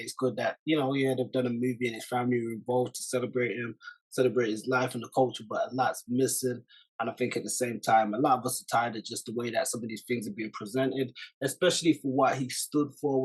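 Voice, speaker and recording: A man hosting a commentary video, speaking in a measured, reflective way with many fillers. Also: medium pitch, slightly rough, low-quality recording. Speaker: channel host.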